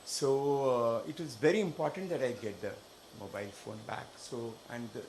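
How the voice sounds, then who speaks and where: A man sharing a personal story at a workshop, halting and hesitant with many fillers and restarts. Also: medium pitch, darkish tone, a little hiss or hum. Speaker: workshop participant. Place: workshop room.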